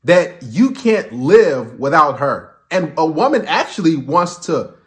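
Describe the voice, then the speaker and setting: A man's voice: on the high side, sing-song, measured pace. A man giving dating advice as a coach, blunt and emphatic, lecturing his viewers.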